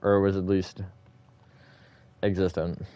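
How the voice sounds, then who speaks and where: A man's voice: low voice, little pitch movement, unhurried, dark tone, clear, resonant tone. A man hosting a live stream, chatting casually with viewers in a rambling, self-correcting way and laughing often.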